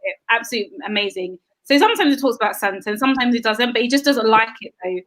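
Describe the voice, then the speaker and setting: A woman's voice: on the high side, animated, very fast, fairly bright tone, poor audio. A woman co-hosting a podcast, telling family stories in a casual chat and laughing often. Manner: chatty storyteller, laughs often, acts out her child's voice. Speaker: podcast co-host, mother. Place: home in England.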